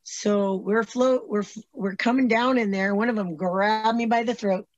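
A woman's voice: medium pitch, steady tone, normal speed, no room sound. A woman recounts a personal story in a rambling, breathless rush. She keeps restarting her sentences. The audio is dull and lo-fi, and the sound is dry. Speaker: interviewee telling a personal story. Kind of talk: casual storytelling, played as an interview clip.

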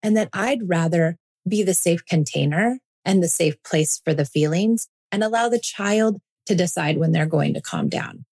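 Woman, forties, slightly low voice, earnest, reassuring, repeats points, podcast monologue. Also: moderate pace, few pauses, darkish tone, husky. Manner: earnest, reassuring, emphatic repetition. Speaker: parenting podcast host.

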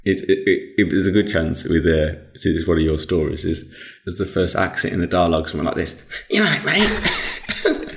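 A man with a very low, gravelly voice, chatting casually. He keeps his replies short and laid-back. He sounds like a co-host running a relaxed show. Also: quick pace, few pauses. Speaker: podcast co-host. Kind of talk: casual chat.

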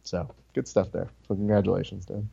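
A man co-hosting a casual podcast, telling animated stories, swearing and acting out what people said. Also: low voice, fairly quick, creaky, slightly rough, no echo, highs cut off. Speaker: podcast co-host.

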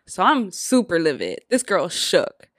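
A woman co-hosting a podcast, telling a story in a casual, animated and profane way, with acted-out quotes. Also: lowish voice, measured pace, no room sound, studio quality. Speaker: podcast co-host.

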